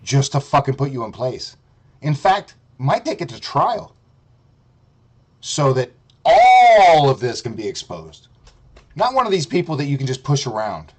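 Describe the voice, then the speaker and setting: A man's voice: medium pitch, very animated, unhurried, slightly rough. A man streaming a profane, mocking rant, heated and sarcastic. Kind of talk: ranting commentary.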